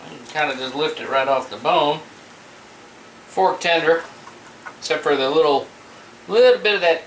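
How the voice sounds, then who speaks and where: A man's voice: fairly high pitch, steady tone, moderate pace, fairly bright tone. A middle-aged man from the Gulf Coast, chatting casually to viewers while he grills in his backyard. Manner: laid-back, chatty, talks to viewers while cooking. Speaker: home cook vlogger. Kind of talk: casual cooking vlog. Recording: roomy sound from a distance, faint background noise.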